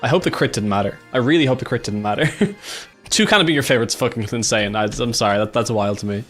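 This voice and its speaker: Excitable Irish man commentating gameplay. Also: medium pitch, fast, soft background music. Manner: excitable, swears freely, thinks aloud. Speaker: gaming YouTuber.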